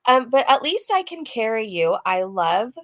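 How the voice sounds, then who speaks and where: A woman's voice: fairly high pitch, very animated, moderate pace. A woman hosting a casual commentary show, chatting with her viewers and laughing between clips. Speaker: commentary host.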